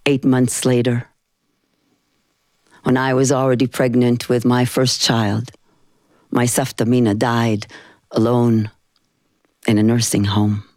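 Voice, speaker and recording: A woman storyteller speaks in a low, rich voice. Her telling is intimate and rhythmic, full of feeling. The sound is dry and close. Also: little pitch movement, takes it slowly, pauses often, darkish tone, dry recording. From Israel. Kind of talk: spoken storytelling performance.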